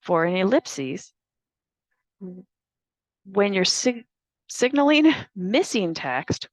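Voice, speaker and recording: A woman narrating a staff training on reading test items aloud, in a clear, deliberate instructional manner. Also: mid-range voice, very animated, dry recording.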